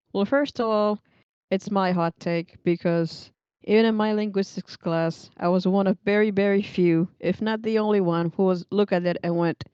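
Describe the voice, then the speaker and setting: A young woman streamer chatting at her desk, rambling and laughing as she reads chat. Her voice is smooth and mellow, close and dry, with slightly dull, muffled stream audio. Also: medium pitch, dry recording. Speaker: livestream host reading chat.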